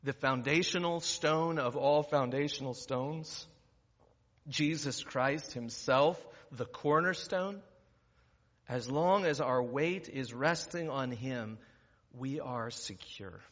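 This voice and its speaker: A man's voice: medium pitch, slow pace, a bit bright. A man preaching a sermon as pastor, talking conversationally and rising to emphatic preaching. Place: church sanctuary. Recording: muffled recording in a reverberant church hall.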